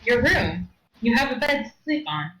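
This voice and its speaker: A woman playing in a tabletop role-playing game, lively and exasperated. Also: fairly high pitch, normal speed, reverberant, rough recording. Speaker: player.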